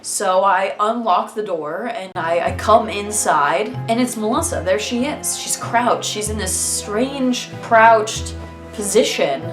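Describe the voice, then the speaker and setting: A young woman telling a comic story about her roommate in a halting, flat way, with bursts of mock outrage. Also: medium pitch. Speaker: comedic storyteller. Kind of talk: deadpan comedic storytelling. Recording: roomy echo with faint music.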